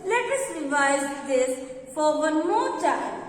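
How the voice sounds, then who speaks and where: A woman's voice: high-pitched, big pitch swings, takes it slowly. A woman teaching young children, spelling words out letter by letter and repeating each answer twice. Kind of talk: children's lesson. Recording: roomy, echoing hall.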